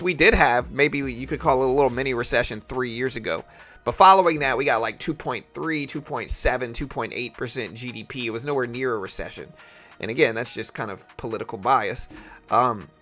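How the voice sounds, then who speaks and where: A man's voice: medium pitch, sharp tone. A young man casually talking markets on a live trading stream, opinionated and chatty as he reads out chat messages.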